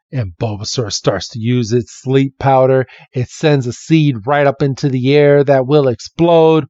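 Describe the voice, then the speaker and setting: A man's voice: medium pitch, a little slow, hardly any pauses, no echo. A man hosting a podcast, casually retelling a comic and acting out the characters. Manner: animated, acts out the characters. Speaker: podcast host. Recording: slightly dull, dry recording.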